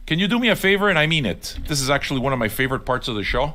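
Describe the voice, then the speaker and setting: Older male streamer, fairly high voice with bright tone; blunt, sweary, argumentative casual rant. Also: big pitch swings, rapid-fire, few pauses. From Neapolitan heritage. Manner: blunt, sweary and argumentative, addressing viewers directly. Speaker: livestream host. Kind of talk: profane casual rant on a livestream.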